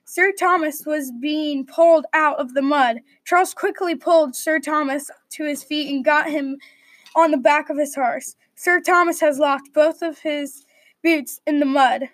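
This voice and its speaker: A woman reading a medieval adventure story aloud at a steady read-aloud pace. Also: sits high, a little slow, dry recording.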